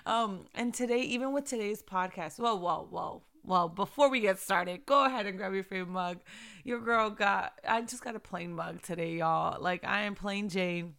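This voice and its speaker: A woman's voice: medium pitch, moderate pace, a bit bright, smooth. A young woman hosting a casual faith podcast, chatty and earnest, repeating phrases and laughing often. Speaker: podcast host.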